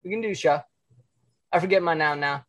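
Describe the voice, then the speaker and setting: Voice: medium pitch, brisk, a bit bright, no echo. Hesitant podcast guest who swears freely. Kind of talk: casual chat.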